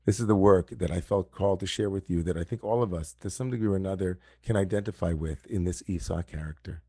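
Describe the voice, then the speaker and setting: A rabbi delivers a reflective sermon in a lowish male voice, circling back to key phrases for emphasis. The sound is close and dry, with no room echo. He speaks through a video call setup. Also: fast, dark tone, husky. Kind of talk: sermon at an online service.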